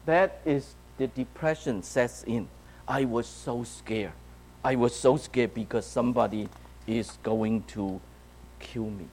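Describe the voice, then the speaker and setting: A youth speaker from China, mid-range and unhurried, relates a personal story to young people, moving animatedly from whispers to loud bursts and regularly asking "right?" and "okay?" Slight background noise accompanies the poor audio.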